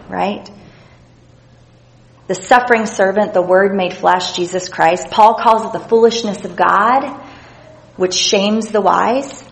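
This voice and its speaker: A woman's voice: lowish voice, vocal fry, low-quality recording. A woman giving an earnest, reflective devotional Bible teaching, reading scripture passages aloud as she goes.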